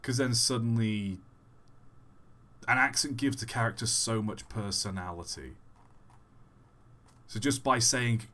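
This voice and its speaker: A young man streaming a game and chatting casually, rambling and correcting himself, then bursting into excited exclamations. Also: medium pitch, measured pace, long pauses. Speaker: live streamer. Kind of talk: casual live-stream chat while gaming.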